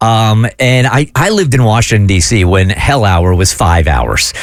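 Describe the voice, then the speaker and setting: A man's voice: lowish voice, measured pace, dry recording, studio quality. A middle-aged man hosting a radio show, chatting casually and laughing often. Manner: lively, laughing, conversational. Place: radio studio.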